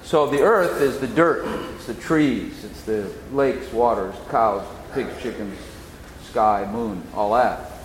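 A man teaching the Bible in sermon style, slowly explaining and repeating key phrases. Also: medium pitch. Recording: echoey hall, faint noise.

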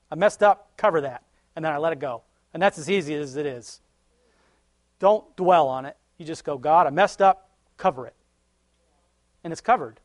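A man's voice: fairly high pitch, dry recording. A man giving a casual devotional talk and closing prayer, conversational and homely, chuckling often between thoughts. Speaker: lay preacher.

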